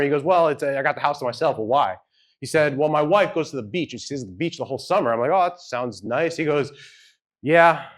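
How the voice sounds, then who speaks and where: A man's voice: on the high side, fairly bright tone. Man telling a story on stage. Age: adult with children. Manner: conversational, hedging, acts out quoted dialogue. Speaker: speaker at a live event. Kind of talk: storytelling keynote talk. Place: event hall with audience.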